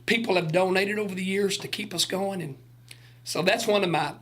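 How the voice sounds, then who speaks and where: A man's voice: high voice, moderate pace, fairly bright tone. An older man, telling a folksy, earnest story on a radio talk show. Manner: folksy, earnest storyteller acting out quoted voices. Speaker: gospel singer recalling touring days.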